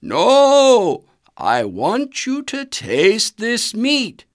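A storyteller voicing a big, strong father tiger who talks in a booming, insistent, drawn-out way. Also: wildly swooping pitch, full character voice. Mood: firm.

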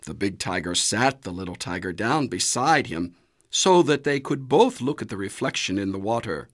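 A storyteller reading a children's animal fable in an animated, expressive way, with dramatic pauses. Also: low voice.

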